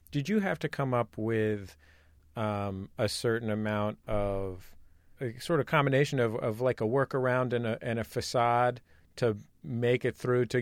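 Male radio host, halting questions. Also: medium pitch, no room sound, studio quality. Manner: hesitant, searching phrasing with many fillers. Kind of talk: interview questions.

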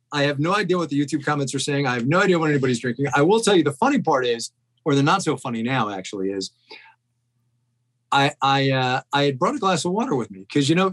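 A man's voice: a little high, a bit bright, slightly rough. A man co-hosting a podcast from a home shed over a video call, telling a rambling, self-deprecating story in casual chat. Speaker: podcast co-host. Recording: poor video call audio.

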